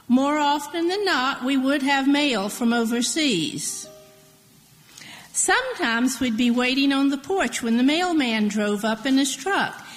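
A woman's voice: high-pitched, a bit bright, big-room sound, rough recording. A woman reading aloud her own story about family life.

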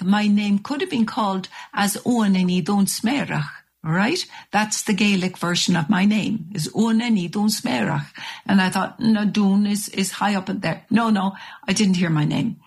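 An older Irish woman, a radio interview guest, telling stories in a lively anecdotal way. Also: measured pace, creaky, slightly rough. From Ireland. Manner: lively anecdotal telling, rising high when excited.

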